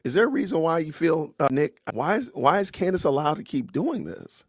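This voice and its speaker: A man's voice: a little high, very animated, fairly quick, hardly any pauses, husky, no echo, clean studio sound. A man hosting a casual livestream podcast, greeting viewers with slangy, upbeat phrases and introducing his guest. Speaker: podcast host.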